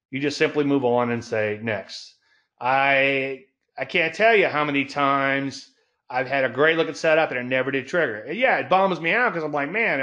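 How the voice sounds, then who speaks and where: A man hosting a trading talk show, speaking in a folksy, emphatic way, drawing out key words slowly and chuckling at his own jokes. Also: medium pitch, fairly bright tone, dull audio. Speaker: trading educator and show host. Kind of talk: solo market talk show.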